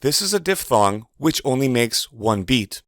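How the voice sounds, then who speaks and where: A man giving a measured, precise instructional voice-over as a teacher. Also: medium pitch, very animated, fairly bright tone, no room sound, clean studio sound. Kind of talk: scripted instructional narration.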